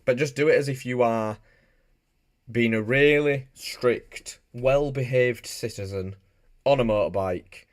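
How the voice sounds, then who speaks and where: A man's voice: lowish voice, dry recording, studio quality. A man from Bradford with a Yorkshire accent, chatting casually and jokily on a live stream while he reads out viewer comments. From Bradford, England. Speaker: motorbike streamer.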